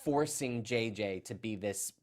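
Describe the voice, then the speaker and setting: A man's voice: on the low side, a little slow. Chatty male soap podcast co-host. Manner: chatty, recaps scenes by acting out lines. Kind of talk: casual chat.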